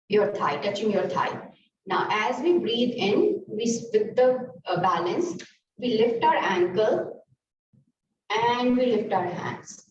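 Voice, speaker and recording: A woman yoga instructor calmly guiding a class through breathing exercises and stretches. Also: mid-range voice. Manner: slow, calm cueing of breath and movement. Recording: roomy, distant, muffled, noisy room sound.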